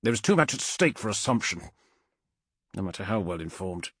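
A man's voice: very animated, a bit bright, breathy edge, heavily acted. A man doing a cold, growling armored warlord. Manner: measured, low growling delivery. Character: towering armored male warlord, cold and calculating.

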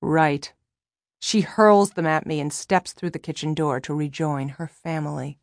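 A woman narrating a novel in the first person, in a wry, measured audiobook reading. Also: sits low, gravelly, no room sound, studio quality.

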